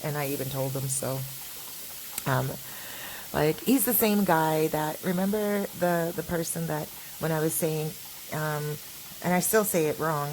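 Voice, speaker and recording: A woman's voice: low-pitched, unhurried, a little mellow, a little hiss or hum, low-quality recording. A woman from Canada chatting casually in a street vlog, rambling with lots of fillers and restarts. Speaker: vlogger. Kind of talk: casual walking vlog chat. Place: outdoors on a street.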